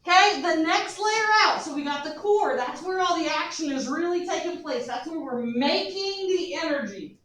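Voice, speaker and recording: Woman, teacher, classroom lecture, animated, high-pitched, distant mic. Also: normal speed, few pauses. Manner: animated and joking, with students. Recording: echoey classroom from far off.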